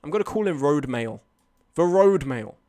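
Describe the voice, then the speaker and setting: A man's voice: on the high side, animated, normal speed, dark tone. A young man telling a night-out story on a live stream, swearing and arguing back at his chat. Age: young adult.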